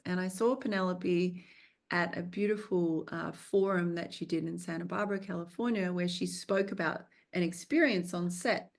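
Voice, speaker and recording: A woman film director speaking as a guest in an interview, earnest and reflective, coaching in tone, and stretching some words out for emphasis. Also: lowish voice. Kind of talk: conversational interview.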